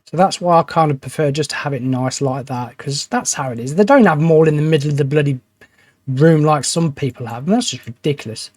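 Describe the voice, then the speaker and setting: A man's voice: fairly high pitch, brisk, a little mellow, dry recording. A man commenting on his own gameplay in a chatty, grumbling way, swearing now and then when frustrated. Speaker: gaming channel host. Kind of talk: let's play commentary.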